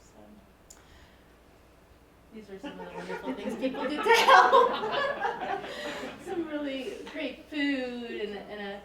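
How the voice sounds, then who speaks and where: Slow and very animated, with long pauses, her high voice carries over a loud crowd. She's a music professor in her forties giving a candid, personal public lecture, captured by a distant mic in a spacious lecture hall.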